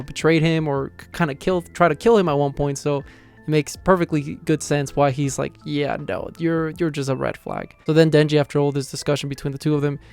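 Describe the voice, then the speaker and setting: A man's voice: a little high, vocal fry, a little mellow. A man giving a casual, rambling recap of a manga chapter, filling his sentences with "you know". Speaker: manga reviewer.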